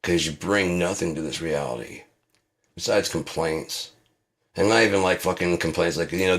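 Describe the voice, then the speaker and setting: A man hosting his own channel delivers an angry, swearing rant, acting out both sides of the arguments himself. His voice sits low and is a bit bright, at a moderate pace.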